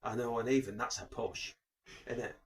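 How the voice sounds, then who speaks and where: Co-hosting a casual podcast, a man jokes around, interrupts and slips into impressions. His voice is medium-pitched with fairly even intonation at a moderate pace.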